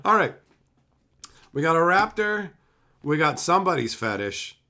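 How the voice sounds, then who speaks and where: A man's voice: mid-range voice, sharp tone. A man live-streaming as he opens card packs, chatting casually and ranting sarcastically with lots of swearing.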